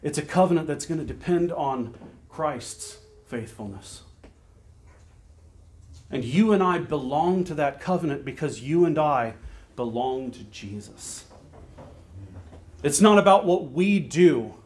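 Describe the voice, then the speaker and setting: A man preaching a sermon, earnest and emphatic, repeating phrases and slowing down to stress key words. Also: a little high, expressive. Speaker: pastor.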